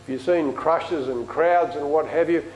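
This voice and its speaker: A man's voice: on the high side, a little slow, darkish tone, roomy sound, slight background noise, poor audio. A man preaching a sermon in a chatty, storytelling way in a church.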